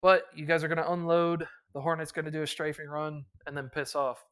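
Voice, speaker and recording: Man voicing a gruff marine officer. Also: fairly high pitch, flat delivery, a bit bright, natural voice. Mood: commanding. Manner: brisk commanding military briefing. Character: gruff male marine officer giving orders.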